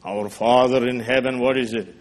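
A man preaching a sermon in a church, impassioned, swinging from hushed asides to soaring lines and asking the congregation questions. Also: medium pitch, fairly even intonation, moderate pace, in a large hall. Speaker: pastor.

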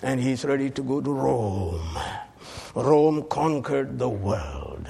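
A man preaching a sermon as pastor, swinging between hushed lines and shouted climaxes. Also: mid-range voice, very animated, slow, creaky, breathy edge.

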